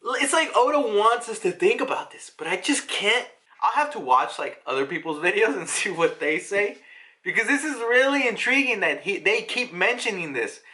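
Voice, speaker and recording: A man casually reviewing a manga chapter, chatty and excitable, laughing often as he talks. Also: high voice.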